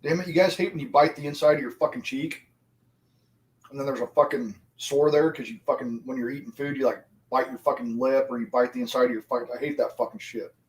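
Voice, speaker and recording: At a quick pace and in a mid-range voice, a man in his forties streams live and chats with his viewers directly. His talk is casual and rambling, with constant swearing.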